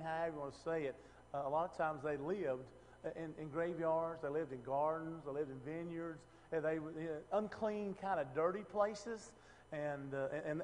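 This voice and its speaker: This is a man teaching scripture in a loose, chatty way, full of restarts and questions like "right?" thrown to the room. His voice sits high for a man. A long reverb trails behind him. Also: a little mellow. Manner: conversational, asks the room questions, many restarts. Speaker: preacher. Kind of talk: casual Bible teaching.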